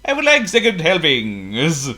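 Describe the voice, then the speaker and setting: A storybook narrator voicing Potto, a plump, greedy and boastful male animal who talks grandly and whoops with excitement. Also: medium pitch, a little slow, voice pushed up, exaggerated voice.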